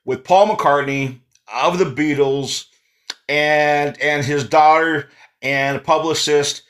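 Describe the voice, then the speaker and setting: A man's voice: on the high side, fairly even intonation, slow pace, fairly bright tone. A man hosting a casual interview, eager and chatty, laughing often as he shares his own view. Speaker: interview host.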